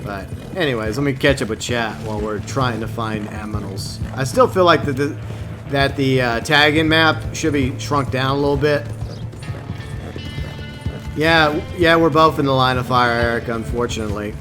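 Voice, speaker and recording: A man's voice: medium pitch, moderate pace, over music. A man streaming an online game, chatting loosely with his viewers in a rambling way, often stopping and restarting his sentences. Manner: rambling, talks to chat with many restarts. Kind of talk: casual gaming stream chat.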